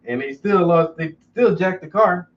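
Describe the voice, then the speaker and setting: A man with a high voice streams while he paints, casually telling profane, joking stories at a normal speed. The audio is distant and dull, lo-fi with faint noise.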